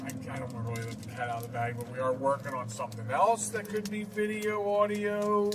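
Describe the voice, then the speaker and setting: A man's voice: mid-range voice, monotone, fast talker. A male radio host chatting casually on the road, rambling with many fillers, recorded in a moving car. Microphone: portable mic in the car. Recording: loud road noise, mic a bit far off. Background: car and traffic noise.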